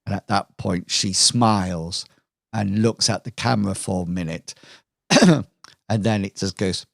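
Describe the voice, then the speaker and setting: A man narrating a tabletop game as game master, telling the scene in a relaxed storytelling way with fillers. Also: fairly low pitch, measured pace, gravelly, no room sound, studio quality.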